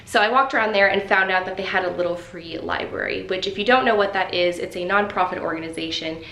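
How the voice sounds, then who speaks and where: A chatty young woman talks casually to her camera, keeping an upbeat, easy flow. Her voice sits at an ordinary middle pitch. The room gives her voice a noticeable echo, with a faint hiss underneath. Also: quick pace, a bit bright. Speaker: vlogger and author. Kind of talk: casual vlog talk to camera. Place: home office and outdoors on a walk.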